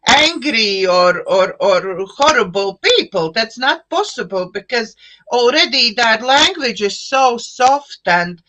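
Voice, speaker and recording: A middle-aged woman with an Eastern European accent, hosting a live online chat show over a video call and speaking slowly, searching for words with many fillers and restarts. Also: on the high side, animated, noisy background. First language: an Eastern European language. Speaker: host.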